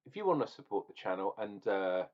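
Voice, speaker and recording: A man's voice: on the low side, big pitch swings, a little fast, lo-fi sound. A man ranting and tasting beer in a casual review vlog, opinionated and swearing now and then.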